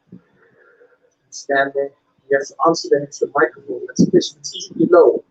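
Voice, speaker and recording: Animated male stand-up comedian. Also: medium pitch, fast talker, long pauses, lo-fi sound. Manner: animated, with loud acted-out officer voices.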